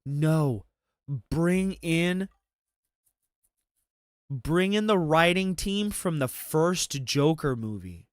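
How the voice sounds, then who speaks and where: A man's voice: on the high side, lively intonation, extremely slow, pauses often, no room sound, clean studio sound. A man ranting about movies on a casual commentary stream, swearing freely. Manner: profane, ranting.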